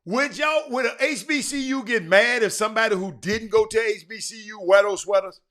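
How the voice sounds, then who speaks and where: A man hosting a casual livestream talk show, rambling and excitable, with lots of fillers and restarts. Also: high-pitched, brisk. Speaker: livestream host.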